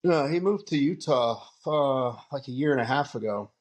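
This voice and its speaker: A man's voice: medium pitch, animated, moderate pace. A man in a casual group chat, telling crude stories and laughing through them. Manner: laughing, crude anecdotal storytelling.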